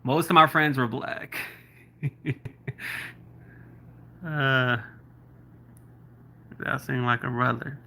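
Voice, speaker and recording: A man's voice: mid-range voice, fairly even intonation, drawn-out words, gravelly, long pauses, pushed and bright, slight background noise. A man from South Florida with a Southern accent, rambling casually on a livestream as he answers viewer comments. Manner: rambling, chatty, laughing asides, lots of likes and ums. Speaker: YouTuber.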